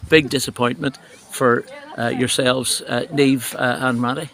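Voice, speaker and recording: A man's voice: mid-range voice, a little slow, creaky. Man hosting a local podcast. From Northern Ireland. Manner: relaxed, loose, with frequent uh fillers and restarts. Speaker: podcast host. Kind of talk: casual local news chat.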